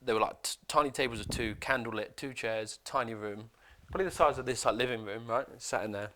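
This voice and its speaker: A man's voice: medium pitch, fairly quick, bright, forceful tone, slight background noise. A man co-hosting a podcast, telling a story in casual chat with lots of swearing. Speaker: podcast co-host.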